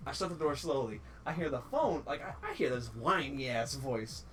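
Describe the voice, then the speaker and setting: A man's voice: medium pitch, moderate pace. A man telling a funny story in a casual, profane way, acting out the people he quotes. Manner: animated, profane, acts out quotes. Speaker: guest storyteller. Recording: distant mic with clear background noise.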